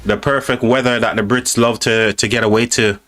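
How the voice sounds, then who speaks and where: A man's voice: mid-range voice, steady tone, brisk, fairly bright tone, soft background music. A man with a British accent hosting a live stream, chatting casually and reading out viewer comments, friendly and calling people mate and buddy.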